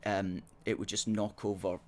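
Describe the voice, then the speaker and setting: A man hosts a live political talk show, his voice low and steady as he argues his case with earnest conviction. He picks up viewer comments and answers them into a desk microphone. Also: moderate pace, slight background noise. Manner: earnest, argumentative, reads viewer comments aloud. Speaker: host. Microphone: table microphone.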